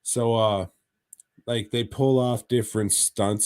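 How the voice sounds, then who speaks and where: A man co-hosts a podcast in casual, profane chat and rambles through stories. His voice sits low and moves slowly. The sound is close and completely dry. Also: steady tone, darkish tone, clear, resonant tone, dry recording. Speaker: podcast co-host.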